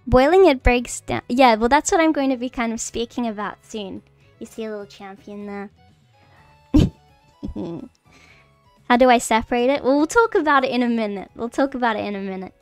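A woman's voice: a little high, normal speed, dry recording. Giggly, rambling woman streamer. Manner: giggly, rambling, many fillers and restarts; nervous. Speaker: streamer teaching mycology. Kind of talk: casual livestream lesson. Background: faint background music.

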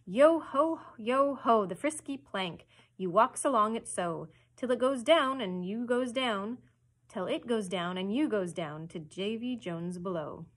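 A woman voicing a theatrical, menacing grown male pirate captain who booms, sings and threatens silkily in a storybook reading. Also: lively intonation, normal speed, slightly rough. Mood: brazen singing. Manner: booming, sing-song, silkily threatening.

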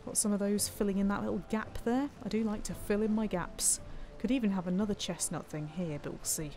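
A playful, chatty woman, commenting as she builds a town in a live game stream. She thanks viewers, muses aloud and talks to herself, her voice sitting at a middle pitch. Faint music plays behind her. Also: steady tone, a little fast, warm tone.

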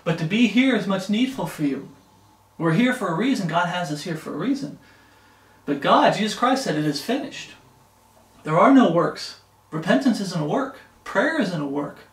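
Emphatic preacher, high voice, echoey room. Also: male voice, expressive, normal speed, distant mic. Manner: emphatic, repeats words, frequent "okay?". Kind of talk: Bible study sermon.

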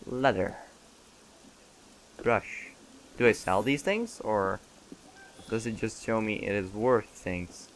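A man's voice: lowish voice, slow, pauses often, slight background noise. A man giving casual, joking gameplay commentary and talking back to the game's characters. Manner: joking, chatty, talks back to game characters. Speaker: let's play gamer.

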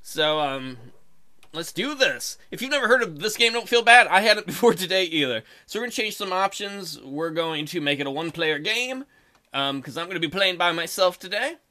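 Man, high voice, bright tone, casual crude game commentary, keys clacking behind. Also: expressive, normal speed. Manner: joking, crude, reads game text aloud. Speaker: gaming video host. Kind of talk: casual let's play commentary.

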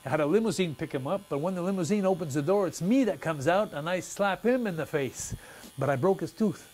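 A retired pro wrestler from Canada tells stories in a fairly high voice. He jumps into the voices of the people he quotes and tells his tales with growing excitement. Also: brisk. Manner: excited, laughing storyteller who acts out quotes. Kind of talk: animated storytelling interview.

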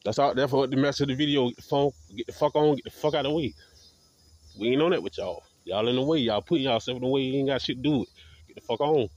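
A man's voice: mid-range voice, quick pace, darkish tone, dry recording. Guy ranting hard at the camera, cussing nonstop, muffled dry lo-fi sound. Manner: combative, defiant, heavy swearing. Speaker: vlogger. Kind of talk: profane ranting monologue.

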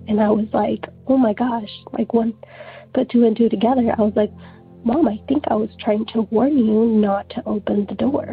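A woman calling in to tell a story in a rambling, casual way, filling her sentences with "like.". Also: a little high. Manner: rambling, heavy use of "like". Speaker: caller. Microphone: telephone. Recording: phone line with faint music.

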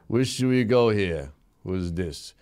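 On a live comedy show, a man plays a brash, goofy host in Stallone style, mumbling in a tough-guy drawl as he cheerfully bosses around his sidekick and crew. His voice is lowish and darkish, slow, with lively intonation, and the mood is jokey.

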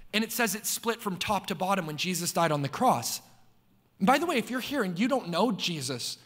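A man preaching a sermon to a church congregation in a casual, slangy way, with big swings in pitch and loudness. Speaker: pastor. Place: church sanctuary before a congregation.

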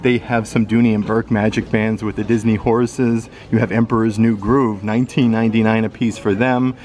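A man's voice: lowish voice, level tone, normal speed, a little mellow. A man vlogging a casual shopping walkthrough in a store, chatty and upbeat as he reads out prices. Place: indoor retail store.

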